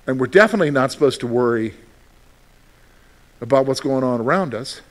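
A middle-aged man, a pastor, reading scripture slowly and then preaching with lively rhetorical questions. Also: medium pitch. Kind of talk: sermon.

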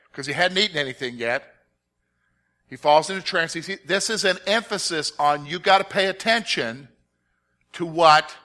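A man's voice: on the high side, bright, forceful tone. A middle-aged man leading an interactive Bible study lesson, repeating his key points and quizzing his listeners with questions.

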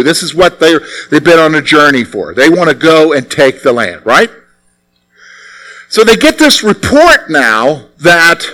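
A male preacher delivers a lively sermon in a high-pitched voice. His tone is bright and crisp, and he talks with his listeners, pulling them in with rhetorical questions. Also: normal speed, low-quality recording. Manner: animated, conversational, asks the listeners rhetorical questions.

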